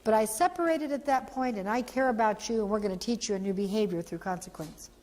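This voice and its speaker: A woman's voice: mid-range voice, quick pace. Heartfelt woman telling a story in a hall. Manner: heartfelt, animated, acts out quotes. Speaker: founder and parent trainer. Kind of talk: storytelling training talk. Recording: echoey hall.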